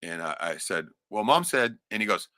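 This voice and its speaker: Deep, bright-toned man telling a rambling story. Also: expressive, moderate pace, dry recording, clean studio sound. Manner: rambling, profane, says "right?" often; laughs often while telling. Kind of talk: casual personal storytelling.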